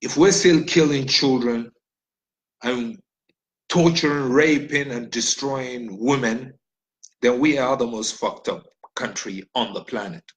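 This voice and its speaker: Speaking at a medium pitch and an unhurried pace, this Nigerian man launches into a profane, impassioned rant full of rhetorical questions. The rough recording carries a slight hiss or hum.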